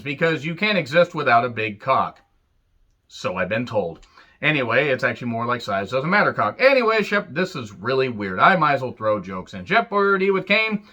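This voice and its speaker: A man's voice: mid-range voice, pushed and bright, highs cut off. A man giving a casual, sarcastic and profane recap of an old wrestling show, full of jokey asides. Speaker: wrestling reviewer.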